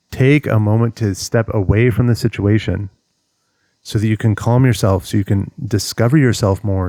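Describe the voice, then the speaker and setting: A man's voice: fairly low pitch, warm tone, no echo, studio quality. A man giving relationship advice as a coach, talking straight to the viewer and acting out what a person might say to themselves. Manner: earnest, steps through advice, acts out inner monologue. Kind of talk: direct-to-camera advice talk.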